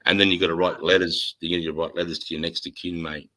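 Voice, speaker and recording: An Australian man spins a rough, profane yarn with lots of energy. His voice sits a little low yet cuts through bright and forceful. He talks loosely and casually, like someone sharing stories with a mate. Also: fast talker, poor audio. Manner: animated, swears heavily. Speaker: host. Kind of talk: casual chat, storytelling.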